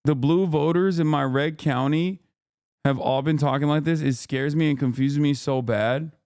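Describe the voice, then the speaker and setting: An exasperated man in his thirties hosts a livestream and rants in casual commentary, swearing freely as he reads posts aloud. His voice sounds smooth and resonant. The sound is dry and close, with no room around it. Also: a little high, moderate pace, a little mellow, dry recording. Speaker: streamer host.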